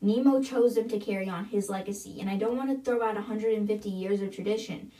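A woman's voice: mid-range voice, fast, mellow, close to an everyday voice. A woman voicing a determined teen girl who leads her classmates, speaking steadily and persuasively, a bit far from the mic. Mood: earnest.

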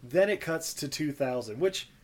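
A man's voice: on the high side, expressive, normal speed. A man co-hosting a podcast, recapping a movie in a casual, rambling way with frequent laughter. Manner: chatty, laughs often, rambling asides. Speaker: podcast co-host.

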